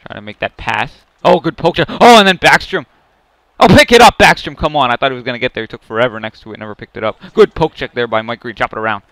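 Excitable man yelling over a hockey game. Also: medium pitch, quick pace, hardly any pauses, no echo. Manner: swings from muttering to loud yelling at plays. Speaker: gaming YouTuber. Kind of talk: excited play-by-play gameplay commentary.

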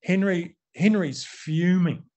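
A man's voice: high-pitched, takes it slowly, a little mellow. A middle-aged man with a New Zealand accent giving a conversational storytelling talk to an audience, acting out quotes and using many fillers.

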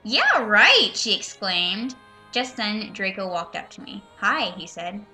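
Sarcastic woman reader with a sharp, bright voice who keeps interrupting herself with profane jabs. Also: mid-range voice, measured pace, faint music behind. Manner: sarcastic, profane, exasperated asides. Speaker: reader and commentator. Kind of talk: reading a fanfiction aloud with mocking commentary.

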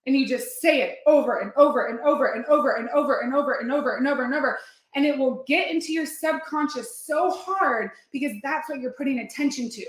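A woman's voice: high-pitched, brisk, echoey room. A woman hosting a motivational workshop, talking earnestly and emphatically, often repeating herself. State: near tears at times. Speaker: workshop host and coach.

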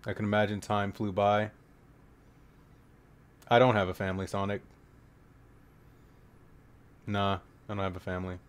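A man making jokey, profane reaction commentary on a horror game, trading mumbled asides for sudden shouted outbursts. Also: lowish voice, flat delivery, unhurried, long pauses, clean tone.

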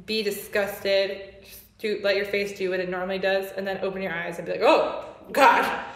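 A woman's voice: mid-range voice, flat delivery, a little fast, roomy sound. A woman teaching a singing lesson, playful and laughing often as she explains and demonstrates. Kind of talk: music lesson.

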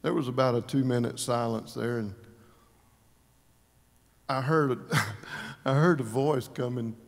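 A man giving an informal eulogy, telling folksy stories with chuckles and throat-clearing. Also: medium pitch, steady tone, unhurried. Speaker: memorial service speaker. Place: large church sanctuary. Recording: long church reverb.

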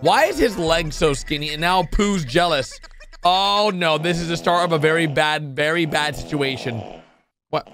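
A man hosting a reaction video, commenting excitedly with sudden high yelps and constant exclamations.

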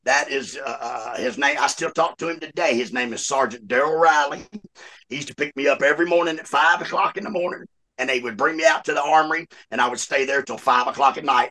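A man telling a jail story as a guest, swearing freely and laughing as he talks. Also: medium pitch. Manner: animated, swears a lot, laughs mid-story. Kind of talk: casual storytelling.

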